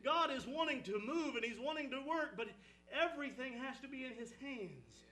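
A man preaching an impassioned sermon, swinging between loud exhortation and hushed storytelling. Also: lively intonation, moderate pace, rough recording. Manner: impassioned, rising and falling, drops low for storytelling. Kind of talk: fervent sermon.

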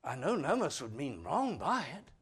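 A man preaching a sermon in a folksy, earnest way, swinging from loud stressed words to quiet asides. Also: a little high, very animated, normal speed, slightly rough. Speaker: father.

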